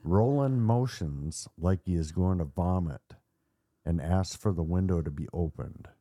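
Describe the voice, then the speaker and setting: A man hosting a podcast, narrating a dark story with theatrical suspense and casual asides. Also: deep voice, unhurried, no echo, clean studio sound. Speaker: podcast host.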